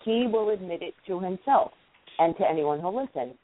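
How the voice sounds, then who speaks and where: A woman from Queens with a deep voice and a New York accent, talking emphatically in a casual panel discussion. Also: lively intonation, moderate pace. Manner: emphatic, insistent. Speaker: recruiting panelist. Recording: tinny phone-like line.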